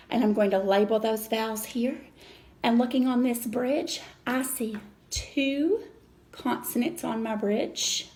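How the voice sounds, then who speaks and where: A woman teacher walks children through a reading lesson, patient and deliberate. Her voice sits a little high with a gravelly fry in it. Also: mellow. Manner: slow, patient step-by-step explaining.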